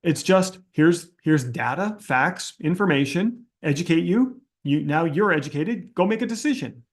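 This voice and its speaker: A man with a slightly higher-than-usual voice hosts a casual question-and-answer session. He speaks bluntly and candidly, often restarting sentences as he thinks out loud. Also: lively intonation, moderate pace. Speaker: host answering audience questions. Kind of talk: casual Q&A livestream talk.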